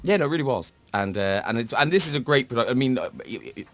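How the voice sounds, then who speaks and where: A man's voice: medium pitch, expressive, fast, dry recording. A man appearing as a stage-actor guest on a radio show, chatting in a self-deprecating way and laughing often. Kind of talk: casual studio chat. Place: radio studio.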